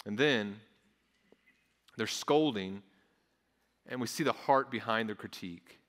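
Man, pastor, earnest sermon, stumbles over repeated words, bright tone, echoing hall. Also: on the low side, measured pace, pauses often. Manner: earnest, repeats words, acts out voices of onlookers.

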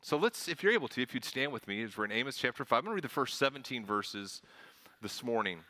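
Bright-voiced man preaching a sermon. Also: medium pitch. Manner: relaxed, conversational with frequent fillers; slow, measured scripture reading. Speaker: pastor.

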